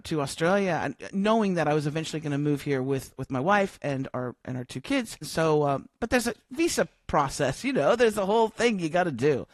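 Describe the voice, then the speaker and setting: A woman's voice: deep voice, no room sound. A middle-aged woman who is a coach and podcast guest, telling a story in casual interview talk and acting out the dialogue as she goes. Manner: lively storyteller who acts out quoted dialogue. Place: home, living in Australia.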